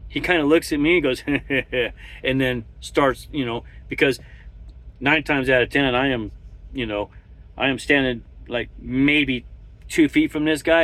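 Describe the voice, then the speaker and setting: A man's voice: medium pitch, a bit bright. A man who drives a truck talks casually from his cab, rambling with many restarts and chuckles. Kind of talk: casual monologue while driving.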